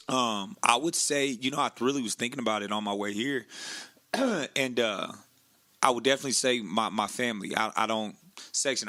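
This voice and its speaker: An earnest, reflective young man in a casual chat who keeps saying "man". His voice sits at a middle pitch and sounds bright and forceful. The recording is dry and close. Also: no room sound. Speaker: podcast co-host.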